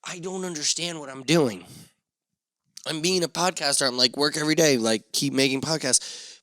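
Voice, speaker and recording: Profane rambling podcast host, crisp dry voice. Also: male voice, a little high, moderate pace, no room sound. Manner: profane, drunken, self-mocking rants with sudden loud outbursts. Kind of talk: rambling solo podcast monologue.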